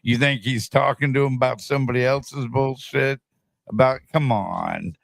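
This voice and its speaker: A man's voice: medium pitch, moderate pace, vocal fry, no room sound. A man co-hosting a podcast in casual chat, making short, dismissive remarks.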